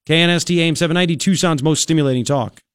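A man's voice: fairly high pitch, racing, clear, resonant tone, no room sound. A man hosting a talk radio show, delivering a brash, sarcastic, opinionated monologue into a studio microphone.

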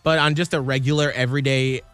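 A man's voice: mid-range voice, steady tone, a bit bright, clear, resonant tone, no echo, faint music behind. A man co-hosting a radio show, chatting casually and agreeing often. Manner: quick agreeing responses. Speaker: radio co-host. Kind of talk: casual chat.

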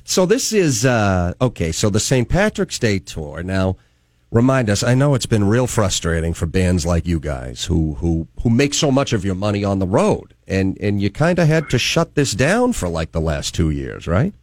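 A man's voice: lowish voice, big pitch swings, normal speed, a little mellow, no echo. A man from Boston hosting a morning talk radio show from the studio in an upbeat announcer delivery. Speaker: radio host.

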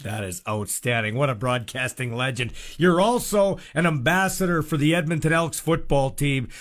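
A man hosting a casual interview, eager and quick to jump in. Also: fairly high pitch, lively intonation, a bit bright. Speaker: interview host.

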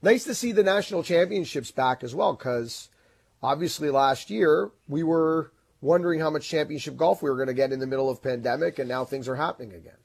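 A man co-hosting a talk show, chatting casually with halting restarts and self-corrections. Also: fairly high pitch, creaky, darkish tone, husky. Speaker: co-host. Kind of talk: casual chat.

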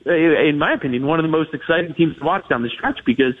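A man calls in to break down hockey trades and matchups. His voice sits a little high and sounds husky. It comes through a thin, tinny phone line, and he talks in long, hedged runs with plenty of restarts. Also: fast talker. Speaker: hockey analyst guest. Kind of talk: radio interview analysis.

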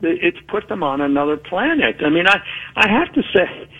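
A man, a newspaper columnist calling in as a guest, giving measured, opinionated political commentary. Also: sits high, sing-song, husky. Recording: tinny phone line.

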